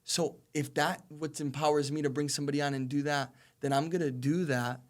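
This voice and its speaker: A man's voice: a little high, steady tone, fairly quick. A man in his twenties, a college soccer player, talking earnestly as a podcast guest and repeating phrases for emphasis. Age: 20s. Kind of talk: casual podcast conversation.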